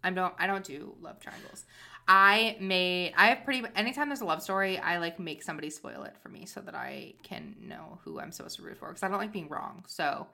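Young woman podcast co-host, chatty and rambling, bright tone, slightly low pitch. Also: brisk, vocal fry. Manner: chatty, tangent-prone, lots of fillers. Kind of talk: casual chat.

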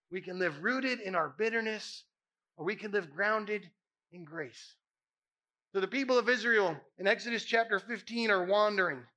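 A man's voice: sits high, bright, forceful tone. A man preaching as a pastor, impassioned and emphatic, repeating phrases for effect. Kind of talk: sermon.

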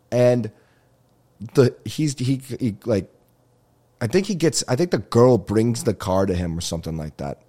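A man's voice: medium pitch, a little mellow. A male comedian hosting his own podcast, telling rambling stories with swearing and laughter. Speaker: podcast host. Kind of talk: casual comedic monologue.

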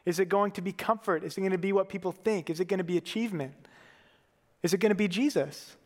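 A man's voice: high voice, fast, big-room sound. A man giving a sermon as a pastor, earnest and conversational, with casual fillers.

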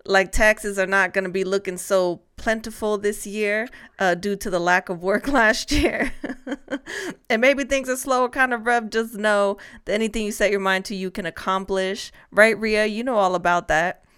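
A woman's voice: medium pitch, steady tone, normal speed, fairly bright tone, clean tone, no room sound, clean studio sound. A woman hosting a weekend party talk show, chatting casually and laughing often. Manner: laughs often, talks in loose run-on sentences. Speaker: host. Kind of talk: casual chat.

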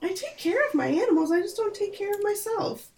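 A woman's voice: very high-pitched, lively intonation, fairly quick, a little mellow. A young woman with a Michigan accent and a nasal voice, stuffy from a lingering cold, chatting and giggling as a podcast co-host. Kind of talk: casual chat.

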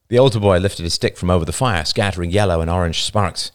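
A man's voice: fairly low pitch, lively intonation, fast, hardly any pauses. A man narrating a novel as its author, reading expressively and dramatically.

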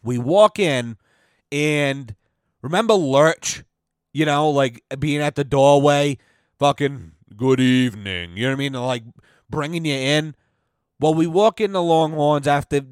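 Young guy podcasting, swears a ton, rambly funny stories, kinda high voice, dry close mic. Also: normal speed, clear, resonant tone, no echo. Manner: profane, rambling, animated storytelling. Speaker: podcast host. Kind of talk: casual comedic monologue.

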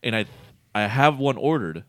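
A man with a medium-pitched voice rambles through a profane story at a normal speed, often breaking into laughter as he animatedly retells it. The sound is clean studio quality with no echo.

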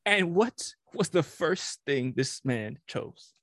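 A man's voice: a little high, lively intonation, slow, vocal fry, fairly bright tone. A man co-hosting a casual podcast, blunt and argumentative, swearing freely. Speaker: podcast co-host. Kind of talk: casual chat.

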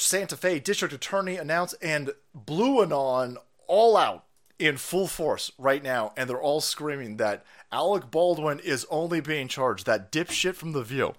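Loud, crude, sarcastic male stream host. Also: a little high. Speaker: political livestream host. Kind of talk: profane political rant.

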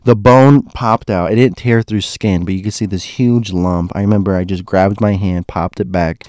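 Young adult man, casual storyteller, low warm voice, digresses and restarts a lot. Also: no echo, studio quality. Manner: rambling, many restarts and asides.

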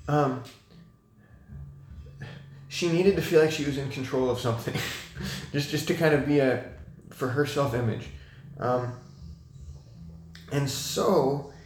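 A young man talking as a guest in a casual conversation, thoughtful and halting, with many fillers and restarts. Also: a little high, slight background noise. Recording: echoey room.

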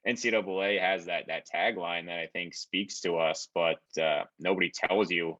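A man's voice: low-pitched, moderate pace, hardly any pauses, lo-fi sound. A young man, a podcast co-host and former college athlete, telling anecdotes in casual conversation with many restarts. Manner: animated anecdotes with frequent restarts.

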